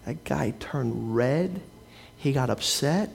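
A man's voice: medium pitch, expressive, slow pace, vocal fry, a little hiss or hum. A man preaching a sermon as a pastor, telling stories and acting out the people he quotes.

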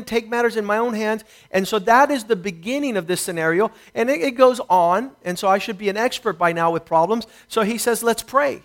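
A middle-aged man preaching a sermon, telling a personal testimony and swinging between quiet reflection and rising intensity. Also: high-pitched, a little fast, few pauses.

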